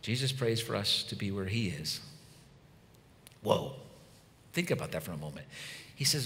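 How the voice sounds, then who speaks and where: A man in his fifties preaching a conversational sermon, swinging from loud emphasis to hushed, soft lines. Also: fairly low pitch, sing-song, normal speed, pauses often. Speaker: pastor. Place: church hall. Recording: long hall reverb.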